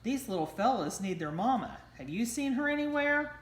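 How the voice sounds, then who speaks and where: A woman's voice: on the high side, big pitch swings, moderate pace, voice pushed up. A woman voicing a kind little male rabbit in a storybook read-aloud, speaking with an earnest, lifted voice. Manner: bright, lifted, earnest questioning. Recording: roomy echo.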